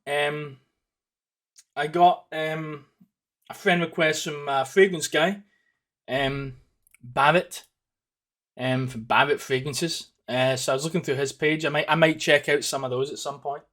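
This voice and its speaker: A Scottish man in his thirties talks through a laid-back solo podcast with a slightly higher-than-usual voice. He meanders from one thought to the next, swearing freely and filling the gaps with ums and false starts. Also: steady tone, a little slow, long pauses, a bit bright. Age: 30s. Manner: rambling, sweary, lots of ums and restarts. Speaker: podcast host. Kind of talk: casual solo podcast monologue.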